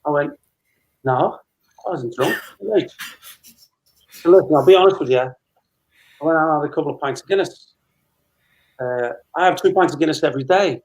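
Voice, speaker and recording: A man's voice: fairly high pitch, normal speed, pauses often, darkish tone, poor audio. A man in his fifties, a guest telling a long casual anecdote and acting out dialogue as he goes. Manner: chatty storyteller, re-enacting dialogue with laughs.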